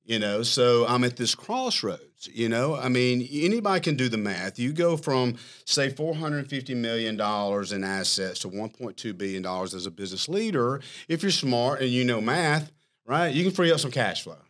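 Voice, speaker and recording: A man, a company chief executive, telling a long story in a casual interview, animated and self-mocking, laughing as he talks. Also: mid-range voice, moderate pace. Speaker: firm CEO, podcast guest.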